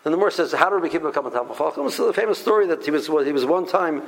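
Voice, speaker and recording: A man's voice: on the high side, expressive, very fast, gravelly, poor audio. A middle-aged man teaching a Torah lesson in an emphatic storytelling way, mixing in Hebrew terms and often stumbling over repeated words.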